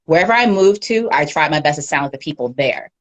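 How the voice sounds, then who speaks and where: A woman with a deep, low-set voice gives a candid livestream interview. She talks in an animated, unguarded way and laughs often. She is heard through a phone or webcam mic. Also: fast. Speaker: guest media professional.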